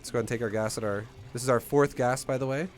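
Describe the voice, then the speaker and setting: Blunt, energetic man coaching a strategy game. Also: medium pitch, very fast, slight background noise. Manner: energetic, blunt, swears casually. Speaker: gameplay coach. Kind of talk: casual live game commentary and teaching.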